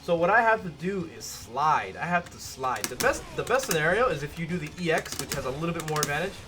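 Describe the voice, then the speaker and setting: A man's voice: fairly high pitch, lively intonation, fast talker, over music. A man giving a casual gameplay tutorial as a fighting game coach, talking conversationally and correcting himself as he demonstrates.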